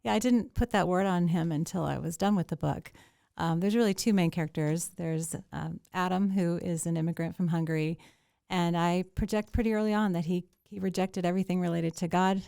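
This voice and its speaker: A middle-aged woman author chatting in an interview, talking quickly, with frequent restarts and ums. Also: lowish voice, fairly even intonation, vocal fry, dark tone, clear, resonant tone, no room sound, studio quality. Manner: talks fast, with restarts and many ums. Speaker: author guest. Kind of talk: casual interview chat.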